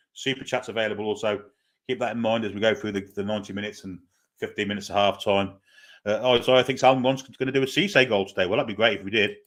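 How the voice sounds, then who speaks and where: A man hosting a live football watchalong, chatting casually, hesitating with lots of fillers and reading viewer comments aloud before answering them. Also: on the low side. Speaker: host of a football fan watchalong stream. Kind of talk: casual live-stream chat and pre-match commentary.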